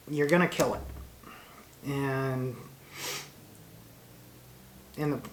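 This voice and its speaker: A man from Oregon hosting his own channel, giving a political opinion monologue in a slow, deliberate way with frequent fillers and restarts. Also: mid-range voice, a little hiss or hum. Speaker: workshop channel host.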